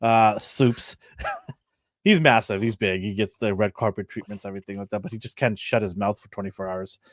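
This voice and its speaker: A man's voice: fairly low pitch, normal speed, dry recording, studio quality. A man co-hosting a casual show review, chatty and rambling, often laughing between his points. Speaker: co-host.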